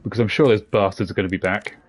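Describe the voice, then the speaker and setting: A man's voice: lowish voice, fairly even intonation, racing, a little hiss or hum. A man giving casual, jokey commentary while playing a video game, rambling between asides. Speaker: game streamer. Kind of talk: casual let's-play commentary.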